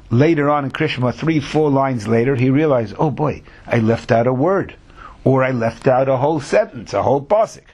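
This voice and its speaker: A man's voice: mid-range voice, creaky, a little mellow, husky. A man teaches a Talmud lesson, weaving Hebrew terms into his explanations. He asks rhetorical questions and answers them himself.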